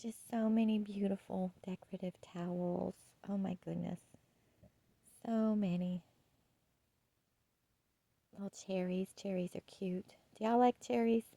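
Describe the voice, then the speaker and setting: A woman chatting casually through a home decor haul, gushing and soft-spoken, often dropping to a hush. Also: mid-range voice, fairly even intonation, a little slow, creaky, long pauses, no room sound, poor audio. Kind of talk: casual shopping haul chat.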